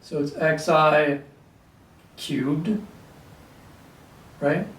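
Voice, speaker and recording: A man teaching a calculus lesson at a whiteboard, clearing his throat often and talking through steps with fillers. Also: on the high side, fairly even intonation, very slow, a bit bright. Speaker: math teacher. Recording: echoey room, mic at a distance.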